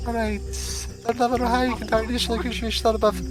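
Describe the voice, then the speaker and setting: A woman playing a tabletop game, chatting casually and thinking out loud as she plans. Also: on the high side, level tone, fast, music in the background.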